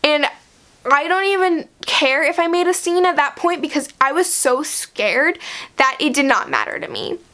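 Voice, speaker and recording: A woman's voice: high-pitched, animated, moderate pace, fairly bright tone. A young woman vlogger chattily retelling a story, filling her sentences with "like" and laughing now and then. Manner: chatty, heavy use of "like". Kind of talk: storytime vlog.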